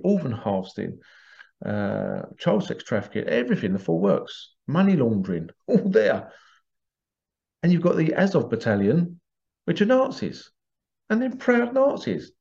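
A British podcast host delivers an agitated monologue packed with rhetorical questions, in a dull lo-fi recording. His mid-range voice is gravelly and dark, moving at a moderate pace with big swings in pitch.

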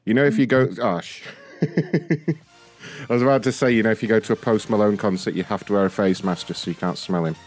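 A man's voice: lowish voice, steady tone, brisk, a little mellow, faint music behind. A man hosting a prank call show, taunting the people on the line with profanity and frequent laughter. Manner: mocking, profane, laughs often. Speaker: prank caller host.

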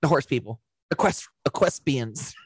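Recapping a film on the podcast she co-hosts, a young woman rambles like a storyteller, swearing heavily and laughing often in a casual chat. She has a very deep, expressive voice, darkish and slightly rough, speaking at normal speed in a dry recording.

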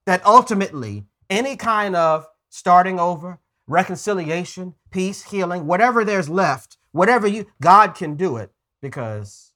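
Male pastor, higher voice, earnest conversational sermon with restarts. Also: animated, normal speed, a bit bright. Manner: earnest, stumbles and repeats words while preaching.

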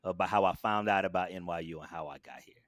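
A man telling a long personal story in a casual interview, animated and acting out what people said. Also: fast talker, dry recording, studio quality. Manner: animated, acts out quotes with big jumps in pitch and volume. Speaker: guest.

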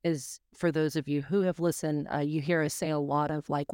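A woman's voice: low voice, fairly even intonation, moderate pace, a little mellow, no echo, studio quality. A woman from North Carolina hosting a podcast interview, talking casually with a lot of fillers. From Charlotte, North Carolina. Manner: chatty, many fillers and hedges. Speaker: podcast host.

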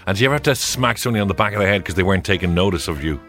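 A man's voice: deep voice, rapid-fire, soft background music. A man with an Irish accent co-hosting a breakfast radio show, playful and teasing in casual banter. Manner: playful, teasing, lively delivery.

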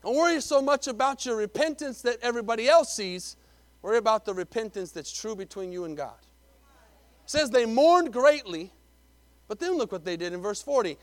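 A man preaching a sermon, emphatic, repeating words and swinging between loud lines and hushed ones. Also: high voice, animated, a little fast, dry recording. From Texas. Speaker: pastor.

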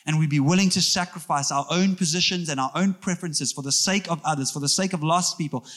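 A man preaching in a church, his voice sitting high for a man. He moves from storytelling into animated jokes with the congregation and back to earnest appeals. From South Africa. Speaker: pastor. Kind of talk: sermon.

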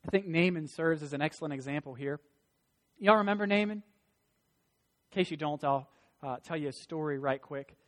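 Male pastor, sermon, high voice, emphatic, folksy, echoing church hall. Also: normal speed, long pauses. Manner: emphatic, rising to loud stresses; folksy asides. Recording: long hall reverb.

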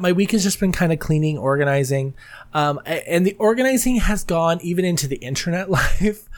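A woman hosting her own podcast in casual solo chat, rambling candidly and often laughing mid-sentence. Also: on the low side. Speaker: podcast host.

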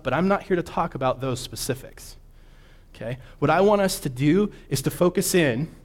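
Preaching in a chatty style, a man with a slightly high voice frequently checks in with the congregation. When he reads scripture, he slows and stresses the words.

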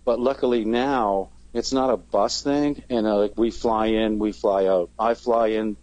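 Low-voiced man, dry close sound. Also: fairly even intonation, a little slow, darkish tone, no room sound, highs cut off. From Canada. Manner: rambling, with many fillers and restarts. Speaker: touring band singer, interview guest. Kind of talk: casual interview chat.

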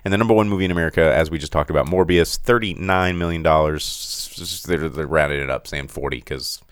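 A man's voice: rumbling low, fairly quick, clean tone, no echo, studio quality. A man co-hosting a podcast in casual chat, running through numbers with frequent self-corrections and fillers. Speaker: podcast co-host.

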